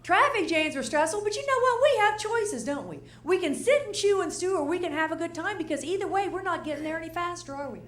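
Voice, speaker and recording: An older woman does stand-up before a live audience, her voice extremely high, animated and fast with hardly any pauses. She chats, quizzes the crowd and now and then acts out the people she describes, and the recording has the roomy sound of a live venue.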